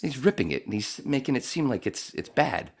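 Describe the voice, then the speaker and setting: A man's voice: medium pitch, fairly quick, husky. A man who does radio voiceover, telling a rambling, profane story in casual podcast chat. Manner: rambling, profane, animated when mimicking.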